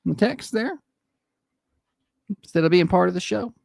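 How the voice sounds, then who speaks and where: A man's voice: sits high, expressive, moderate pace, vocal fry, dry recording, clean studio sound. A man with a Southern American accent hosting a morning radio show, plugging the show and teasing his co-host. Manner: teasing, announcer-like plugs.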